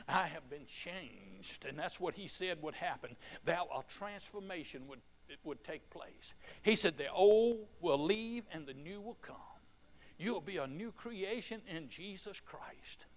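A middle-aged man preaching a sermon, telling stories quietly and then rising to shouted fervor. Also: a little high.

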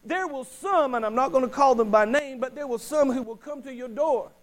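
A pastor with a strikingly high-pitched voice delivers a sermon in a church sanctuary, stretching out and hammering his key phrases. A steady mains hum runs under the recording. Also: poor audio. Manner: emphatic preaching with slowed, punched phrases and call-and-response.

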